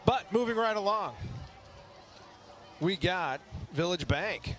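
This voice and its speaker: A man's voice: high voice, animated, slow, fairly bright tone, a little hiss or hum. A man co-hosting live local TV commentary of a street parade. He reads sponsor blurbs and banters upbeat with his partner.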